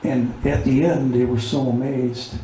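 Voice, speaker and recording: A man's voice: mid-range voice, flat delivery, a little slow, warm tone, slight background noise. A man from Pennsylvania, a veteran, telling rambling stories in casual talk and stopping to give his service dog commands. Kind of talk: casual spoken storytelling. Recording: very echoey room, mic far off, faint ambience.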